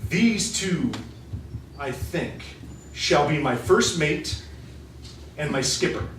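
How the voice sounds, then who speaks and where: A man voicing a mild, earnest peasant who leads a rebellion, speaking low and deliberately. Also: animated, a little hiss or hum. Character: rebellious male peasant leader, calm and earnest. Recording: echoey room from far off.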